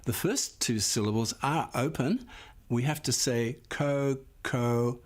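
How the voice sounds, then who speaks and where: A man teaching a phonics lesson, explaining syllable rules patiently and sounding out words slowly and clearly for the class. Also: mid-range voice, animated. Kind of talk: slow, clear classroom instruction.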